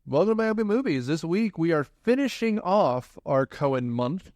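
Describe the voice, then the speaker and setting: A man's voice: a little high, lively intonation, moderate pace, darkish tone, no room sound, studio quality. A man hosting a casual movie podcast, rambling and hesitant and often breaking into laughter. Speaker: podcast host.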